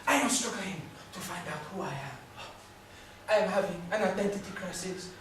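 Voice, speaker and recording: An actor playing a man in an identity crisis who puts on a French accent and speaks in a mock-earnest, halting way. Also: sits high, far from the mic, lightly acted. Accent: put-on French. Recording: echoey room from afar, noisy.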